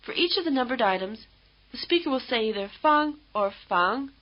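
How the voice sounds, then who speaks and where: A woman instructor giving measured, patient, scripted explanations in a language lesson. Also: a little high, animated. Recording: dull lo-fi old course tape.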